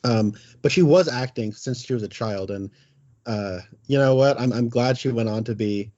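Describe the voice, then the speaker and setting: A man's voice: medium pitch, moderate pace, darkish tone, muffled recording. A man co-hosting a podcast, casually critiquing a film in a hesitant, self-deprecating way. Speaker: podcast co-host.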